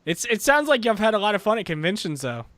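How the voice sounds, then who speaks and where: A man's voice: high-pitched, very animated, fast talker, fairly bright tone, no room sound. A man hosting a podcast, chatting casually with guests and telling a laid-back story. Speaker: podcast host. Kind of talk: casual interview chat.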